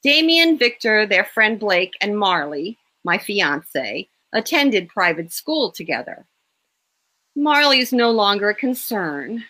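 Bright-voiced woman reading her story. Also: medium pitch, very animated, slow pace. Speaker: author. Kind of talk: reading her own fiction aloud.

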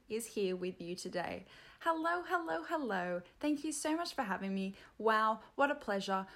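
A woman's voice: mid-range voice, a bit bright. An Australian woman hosting a comedy podcast on her own, rambling playfully and mocking herself. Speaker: podcast host. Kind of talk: solo comedy podcast chat.

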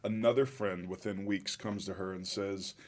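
Middle-aged man, low voice, earnest and reflective guest storyteller. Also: steady tone, moderate pace, darkish tone, a little hiss or hum. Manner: reflective, earnest, emotional at times. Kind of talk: emotional personal storytelling.

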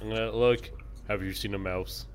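Male player, low and bright voice, chatty and jokey, faint noise behind. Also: fairly even intonation, normal speed. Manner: chatty, joking asides. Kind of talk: casual tabletop play.

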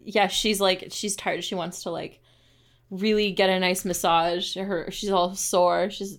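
A woman's voice: fairly low pitch, little pitch movement, measured pace. Rambling woman podcast co-host. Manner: rambling, lots of "like" fillers. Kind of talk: casual recap chat.

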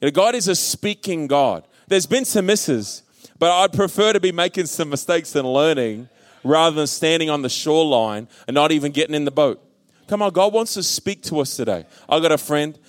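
A man's voice: a little high, normal speed, no room sound. A man preaching a sermon, telling personal stories in a casual voice and acting out his own past worries. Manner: conversational storytelling, acts out his own past panic. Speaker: pastor.

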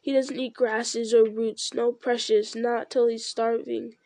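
A woman's voice: on the high side, level tone, a little slow, warm tone, no echo. Hissy whiny little creature guy, a lady doing the voice, squeals and begs, dry close sound. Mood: sulky. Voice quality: hissing, squealing. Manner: pleading, repetitive. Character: whining, hissing creature, male, starved and sly.

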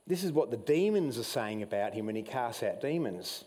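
An Australian man preaching a sermon as pastor, telling Bible stories with mounting excitement and some emotion. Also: moderate pace, in a large hall. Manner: animated storytelling preacher, rising pitch when excited, admits getting emotional. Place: church hall.

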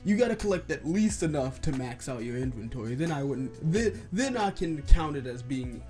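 A man's voice: mid-range voice, very animated, moderate pace, music in the background. A man hosting a casual gaming podcast over a voice call, upbeat and teasing as he steers the talk. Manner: upbeat, teasing, runs the conversation. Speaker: podcast host.

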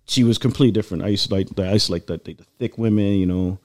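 A man in casual chat, telling a long personal story in a rambling, animated way with lots of fillers. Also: on the low side, rapid-fire. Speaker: guest.

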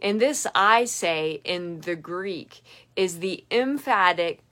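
A young adult woman giving an earnest, emphatic devotional reflection that speeds up and slows down. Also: fairly low pitch, expressive, fairly bright tone. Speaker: devotional podcaster.

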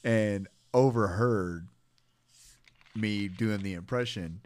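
A young man with a fairly low voice tells basic-training stories on a podcast in a relaxed, swearing way. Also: slow pace. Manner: relaxed storytelling, casual swearing. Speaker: podcast co-host, army veteran. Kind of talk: casual chat.

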